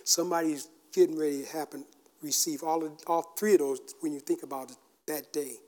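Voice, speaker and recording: A man preaching a sermon in a casual, conversational way, acting out quotes and breaking into shouts. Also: a little high, fairly quick. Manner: animated, shouts out acted quotes; casual, conversational with fillers and restarts. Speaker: pastor.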